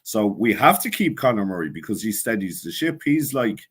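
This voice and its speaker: A man's voice: fairly low pitch, a little fast, slightly rough. Brief: Dublin man, podcast guest, opinionated, voice swings up and down a lot. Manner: animated, opinionated. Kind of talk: casual podcast chat.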